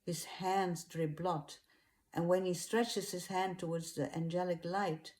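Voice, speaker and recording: Woman with a low, dark voice retelling a story. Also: fairly even intonation. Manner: unhurried, hesitant with restarts and fillers. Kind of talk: spoken retelling of a religious story.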